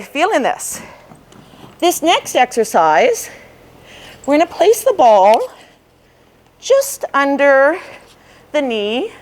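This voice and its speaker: Slow-talking woman leading a workout. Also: sits high. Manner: encouraging, counts reps, cues form while exercising. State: slightly out of breath from exercising. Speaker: fitness instructor. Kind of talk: guided workout instruction.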